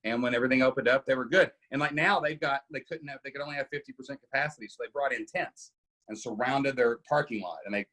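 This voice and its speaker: A man's voice: mid-range voice, fast talker, pushed and bright. A middle-aged man hosting a casual coaching Q&A, emphatic and often asking "right?". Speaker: podcast host coaching members.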